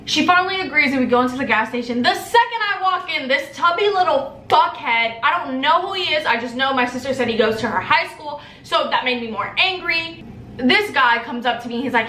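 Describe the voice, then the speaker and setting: A young woman telling a profane story in a casual vlog, acting out the dialogue with animated quoted voices. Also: high-pitched, a little fast, far from the mic, a little hiss or hum. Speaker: vlogger. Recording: roomy echo, a bit off-mic, faint ambience.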